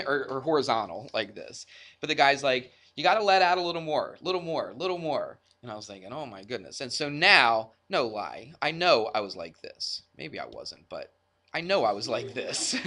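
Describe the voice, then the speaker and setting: A man's voice: mid-range voice, bright, forceful tone. A man teaching a math class, telling a personal story in a chatty, self-deprecating way before getting back to the lesson.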